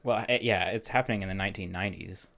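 Rambling low-voiced male podcast host. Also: quick pace, gravelly. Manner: rambling, animated storytelling. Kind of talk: casual chat.

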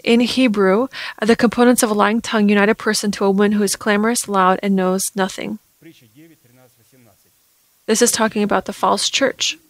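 A woman preaching a sermon, reading Scripture aloud and getting loud at emphatic points. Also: medium pitch, fairly even intonation, moderate pace, dry recording, rough recording.

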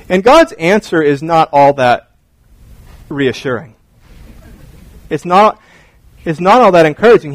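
A man's voice: sits high, no echo, low-quality recording. A man preaching a sermon as a pastor, joking and acting out scenes as he talks. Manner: animated, joking, acts out scenes.

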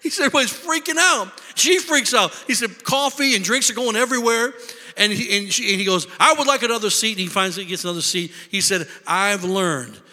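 A man preaching a sermon, telling stories with lively voices and shouted lines for emphasis. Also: high-pitched, brisk, in a large hall. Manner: animated storytelling, shouting for emphasis. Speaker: pastor.

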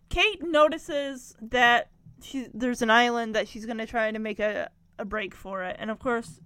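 Chatty female recapper, high-pitched, rambling, recorded dry and close. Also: fairly bright tone, dry recording. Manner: chatty, rambling, lots of fillers. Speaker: episode recapper. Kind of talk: casual episode recap.

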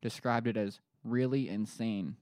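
A man's voice: lowish voice, fairly even intonation, unhurried, darkish tone, no echo. A man from Pennsylvania co-hosting a casual podcast chat, joking around and reading news stories aloud. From Pennsylvania, USA. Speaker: podcast co-host.

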